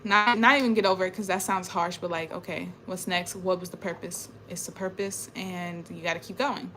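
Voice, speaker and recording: Young woman vlogger, bright voice; emotional and rambling, often drops to a quiet trail-off. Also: fairly low pitch, steady tone, a little fast, a little hiss or hum. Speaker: spiritual vlogger. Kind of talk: casual personal monologue.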